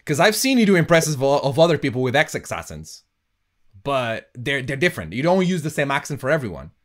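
Brief: male host, playful teasing interviewer, very expressive pitch. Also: a little fast. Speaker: podcast host and wrestling trainer. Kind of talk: casual podcast chat.

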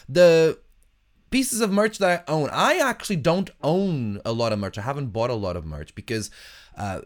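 A man hosting his podcast in casual chat, rambling and searching for words as he answers listener questions. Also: on the low side. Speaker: podcast host.

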